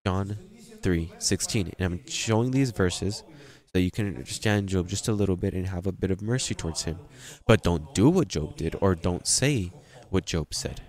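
A man's voice: low voice, normal speed, few pauses, a little mellow. A man preaching a sermon with an accent, drawing out words and rising into emphatic bursts. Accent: non-native English. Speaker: pastor.

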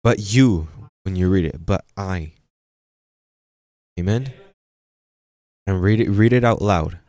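A pastor giving a sermon in church, preaching with energy and sprinkling in frequent amens and repeated phrases. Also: male voice, sits low, slow, mellow, no echo. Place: church sanctuary.

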